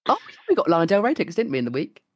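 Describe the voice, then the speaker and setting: A young man co-hosting a casual chat, animated and swearing, acting out what people said. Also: high voice, racing, breathy edge, dry recording. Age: young adult. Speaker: podcast co-host and streamer.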